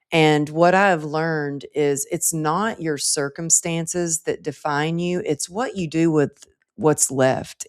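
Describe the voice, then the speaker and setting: A woman's voice: sits low, smooth. A woman guest on an interview show, telling her personal story earnestly and with emphasis, acting out the voices she quotes. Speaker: interview guest, author and speaker.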